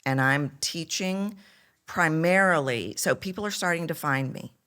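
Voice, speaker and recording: A woman's voice: sits low, a little slow. A middle-aged woman with a Texan accent, a voice coach telling her story animatedly in an interview. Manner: animated storyteller, acts out quoted lines.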